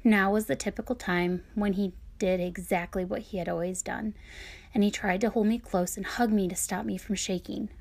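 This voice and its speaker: A woman reads a personal memoir aloud at a middling pitch. Her delivery is quiet and subdued. At times it sinks nearly to a whisper. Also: steady tone, moderate pace, vocal fry. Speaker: author reading her own memoir.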